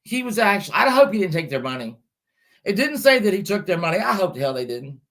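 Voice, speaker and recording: A woman's voice: on the low side, big pitch swings, fast, fairly bright tone. A woman hosting a true-crime livestream, retelling a case in a chatty way and breaking off to greet people in the chat. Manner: chatty, talks back to chat comments mid-story. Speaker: livestream host. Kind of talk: casual true-crime storytelling to a live chat.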